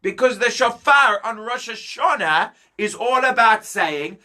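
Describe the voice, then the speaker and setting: A man telling a story to children, animated, talking straight to his young listeners. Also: extremely high pitch, unhurried. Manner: animated, addresses kids directly.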